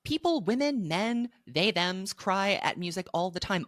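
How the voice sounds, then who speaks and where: A young woman co-hosting a casual podcast chat, sarcastic and quick to get heated. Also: medium pitch, lively intonation, no room sound, clean studio sound. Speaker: podcast co-host.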